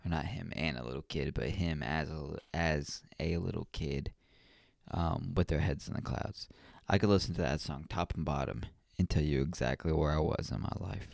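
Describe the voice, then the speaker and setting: A man's voice: rumbling low, moderate pace, creaky, darkish tone, no echo, studio quality. A young man hosting a podcast, talking casually on his own in a rambling, reflective way, yawning often. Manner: rambling and reflective, with many ums and restarts. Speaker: podcast host. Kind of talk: casual solo podcast talk.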